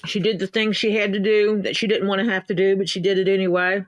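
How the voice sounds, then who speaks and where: A woman co-hosts a livestream in a playful, motherly tone and teases her partner. Her voice sits at a middle pitch. The recording is dry and close, with no room echo. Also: little pitch movement, fast. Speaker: podcast co-host. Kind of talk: casual livestream chat.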